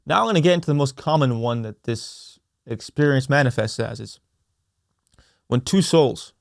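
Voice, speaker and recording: A young man hosting a solo podcast, speaking earnestly with slow, emphatic, repetitive phrasing. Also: medium pitch, lively intonation, vocal fry, dry recording, clean studio sound. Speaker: podcast host. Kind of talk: reflective solo podcast talk.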